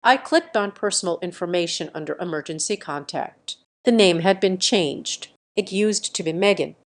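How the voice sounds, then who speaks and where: Young woman reading a revenge story in first person, tense and measured, mid-pitched voice. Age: young adult. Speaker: story narrator. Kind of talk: first-person scripted narration.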